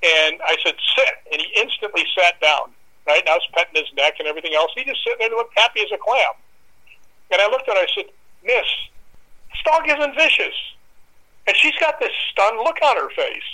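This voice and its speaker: High bright-voiced man telling a wild story. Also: fairly quick, rough recording. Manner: lively, acts out voices and dog growls. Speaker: guest storyteller. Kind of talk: animated anecdote telling.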